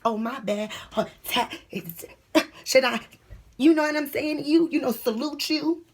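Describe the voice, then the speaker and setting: Vlogging from a small bathroom, a young woman tells a story in a brash, profane, animated way, often dropping into a whisper. Her voice is high-pitched and a little slow.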